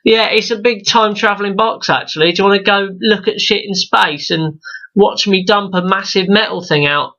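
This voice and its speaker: A man's voice: high-pitched, steady tone, normal speed, pushed and bright. A man putting on a Scottish accent to play the Doctor, a fussy and secretive male time traveller, in a dull lo-fi recording. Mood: breezy.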